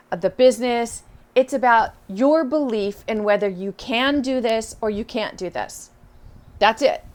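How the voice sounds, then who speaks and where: A middle-aged woman coaching listeners in an encouraging, animated way, acting out their inner doubts. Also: a little high. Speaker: business coach. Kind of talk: motivational coaching talk.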